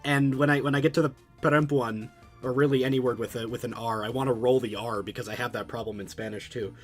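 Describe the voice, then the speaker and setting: A man's voice: mid-range voice, steady tone, fast talker, soft background music. A man livestreaming, chatting loosely with his audience while he studies a language. He rambles, restarts his sentences and repeats words. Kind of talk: casual chat with a live chat while studying a language.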